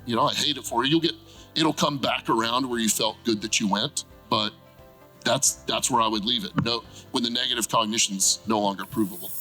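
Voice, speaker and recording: Animated man explaining with many "right?" tags. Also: mid-range voice, normal speed, soft background music, low-quality recording. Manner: animated, frequent "right?" tag questions. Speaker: therapist guest. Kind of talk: conversational explanation.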